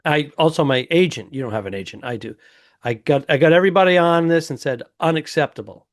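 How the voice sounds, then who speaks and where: A middle-aged man, a stand-up comedian co-hosting a podcast, trading teasing and boastful banter with deadpan jabs. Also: on the high side, fast, dry recording, studio quality. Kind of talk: casual comedic chat.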